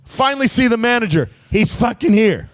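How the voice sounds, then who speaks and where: A man, a comedian co-hosting a podcast, telling a blunt, swear-filled story in an animated way. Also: very high voice, a little fast, dry recording. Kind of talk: profane comic storytelling.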